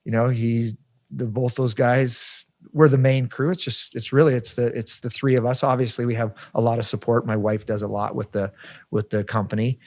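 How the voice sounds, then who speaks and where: A man's voice: mid-range voice, level tone, moderate pace, darkish tone, dry recording, clean studio sound. A man as a podcast guest, talking casually and thoughtfully with many restarts. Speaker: podcast guest, adventure racer. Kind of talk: casual interview talk.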